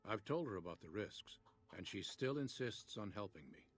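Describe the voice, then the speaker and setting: An actor playing a calm, precise male scientist in video game dialogue, measured and matter-of-fact. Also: lowish voice, close to an everyday voice. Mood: clinical. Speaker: game character, doctor.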